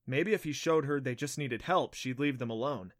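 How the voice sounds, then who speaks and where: A man reading an audiobook aloud with a steady storytelling delivery. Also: medium pitch, normal speed. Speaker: audiobook narrator. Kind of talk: scripted audiobook narration.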